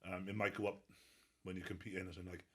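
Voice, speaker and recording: A man's voice: sits low, little pitch movement, fast, slightly rough. A Welsh man telling stories in a casual interview, laughing and swearing freely. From Wales. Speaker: guest strongman athlete.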